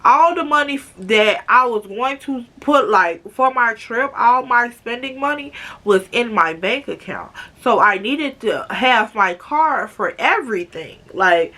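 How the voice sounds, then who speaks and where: Young woman, storytime vlog, dramatic and chatty, slow unhurried delivery. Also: on the high side, animated, sharp tone. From Chicago, USA. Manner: dramatic, chatty, keeps calling viewers "girl". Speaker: vlogger.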